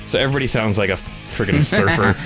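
A low-pitched man co-hosting a movie podcast with enthusiasm. His voice swings widely in pitch, and he laughs easily. Faint music sits behind him. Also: expressive, fast talker. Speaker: podcast co-host. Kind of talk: casual movie podcast chat.

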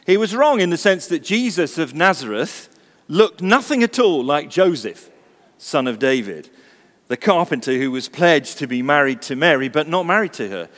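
A man's voice: fairly high pitch, big pitch swings, moderate pace, a bit bright, long reverb tail. A male pastor giving a Christmas sermon, chatty and storytelling with touches of humour. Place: church service.

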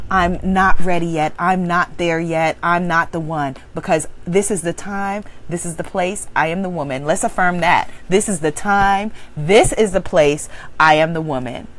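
A woman working as a spiritual business coach, giving a motivational speech in an emphatic, preachy way that swings from loud exclaiming to low, intense affirmations. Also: a little hiss or hum.

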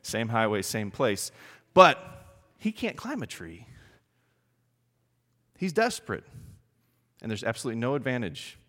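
A man preaching a sermon in an animated, emphatic way, often putting questions to his congregation. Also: medium pitch, measured pace, pauses often, in a large hall. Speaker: pastor.

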